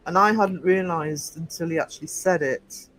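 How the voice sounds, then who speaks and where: Chatty Northeast English man, high voice. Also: moderate pace, fairly bright tone, rough recording. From England. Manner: chatty and rambling, teasing the chat with frequent fillers. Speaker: livestream host. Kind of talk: casual livestream chat answering viewer comments.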